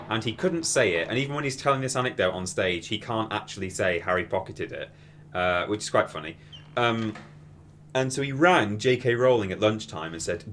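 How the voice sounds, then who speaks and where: A man's voice: on the low side, lively intonation, normal speed, fairly bright tone, slight background noise. A man chatting casually while streaming a game, telling rambling, wry stories. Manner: rambling, wry storytelling with frequent restarts. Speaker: streamer playing a video game. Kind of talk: casual live-stream chat and commentary.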